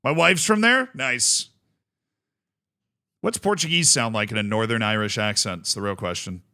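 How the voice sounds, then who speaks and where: A man streaming a video game live, chatting casually, reading chat aloud and breaking into excited shouts. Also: fairly low pitch, moderate pace, clear, resonant tone. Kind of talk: casual live-stream commentary while playing.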